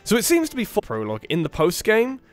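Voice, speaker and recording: Man, a gamer commenting as he plays: lively, fairly high voice, faint game music behind. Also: fast. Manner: excitable, thinks aloud, often restarts sentences. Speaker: let's play gamer. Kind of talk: casual gameplay commentary.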